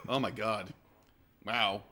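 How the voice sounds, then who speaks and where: A man's voice: fairly low pitch, fairly even intonation, slow, bright, forceful tone. A man from Michigan with a Midwestern accent, co-hosting a casual chat and chiming in with short agreements and dry asides. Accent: Midwestern American. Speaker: co-host.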